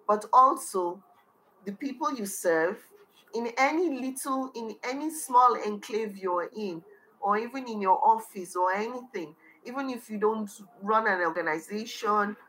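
A woman from Nigeria talks to an interviewer in an earnest, heartfelt way. Her pitch sits in the middle range. A faint hiss of noise stays under her voice throughout. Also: a bit bright, low-quality recording. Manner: earnest, heartfelt, tearful at times. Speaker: foundation founder, guest. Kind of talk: emotional interview talk.

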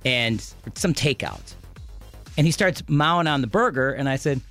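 A man's voice: on the high side, expressive, brisk, a bit bright, faint music behind. A man co-hosting a morning radio show, telling a story in casual banter and often stopping to restart his sentences. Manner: rambling storyteller, self-interrupting.

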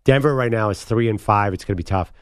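A man's voice: on the low side, fast talker, smooth, dry recording, studio quality. Opinionated man on sports radio. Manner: opinionated, thinks aloud with restarts. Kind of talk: casual sports talk chat.

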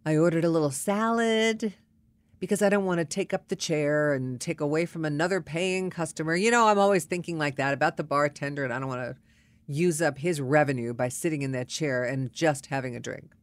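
A woman recounts a personal story in a chatty, wry and exasperated manner. Her voice sits a little low, and it is recorded close and dry with no room sound. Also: fairly quick, dry recording.

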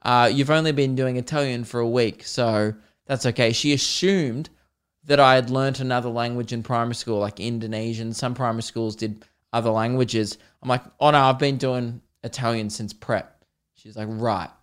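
A man's voice: medium pitch, a bit bright, clean tone. An Australian man hosting his own podcast, talking casually on his own in rambling, self-deprecating tangents. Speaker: podcast host. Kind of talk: casual solo podcast monologue.

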